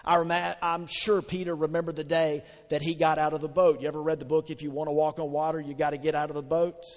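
A man preaching a sermon as pastor, conversational and animated, asking the congregation questions. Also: a little high, quick pace. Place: church sanctuary. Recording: long hall reverb.

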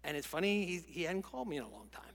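A man preaching a sermon in an animated way, acting out quoted lines and dropping to a whisper for emphasis. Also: fairly high pitch, rapid-fire, gravelly, long reverb tail. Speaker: pastor.

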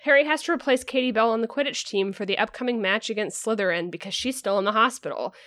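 This is a woman hosting a podcast, recapping a chapter in a loose, rambling way. She leans on "um" and "like" as she goes. Her voice sits a little high and sounds dry and close. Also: fast, a bit bright, no echo. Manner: rambling, filler-heavy, lots of "like" and "um". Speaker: podcast host.

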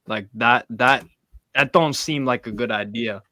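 Hesitant man with a bright voice. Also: mid-range voice, measured pace, a little hiss or hum. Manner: hesitant, trailing off. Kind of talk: casual football chat.

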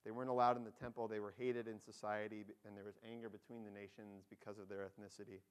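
A man's voice: on the low side, quick pace, smooth. Earnest man preaching a sermon. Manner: storytelling, acts out excited voices of characters. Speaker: pastor.

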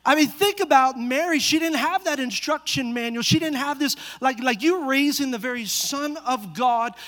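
A male pastor preaching a sermon, telling a family story with lively rhetorical questions to the congregation. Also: very high-pitched, moderate pace. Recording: long hall reverb.

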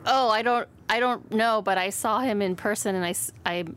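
A woman's voice: mid-range voice, moderate pace, fairly bright tone, clear, resonant tone. A woman guesting on a podcast, chatting casually and telling a personal anecdote. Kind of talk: casual chat.

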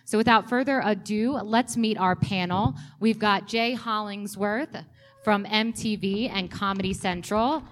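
Woman hosting a panel, upbeat clear intros, normal pitch. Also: a little slow. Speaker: panel moderator.

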